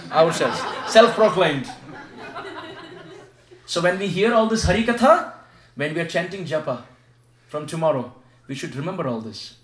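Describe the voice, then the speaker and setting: Male spiritual teacher, high voice, call-and-response sermon style, echoey home recording. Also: a bit bright. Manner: asks the audience questions and leads them in repeating chants. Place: devotee's home, gathering room. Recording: echoey room sound.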